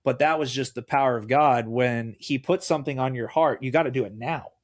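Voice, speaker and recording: A middle-aged man, a guest on a faith talk show, telling personal stories with lively acted-out dialogue. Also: mid-range voice, brisk. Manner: animated storyteller, acts out quoted dialogue. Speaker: guest, mayoral candidate. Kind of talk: casual faith conversation.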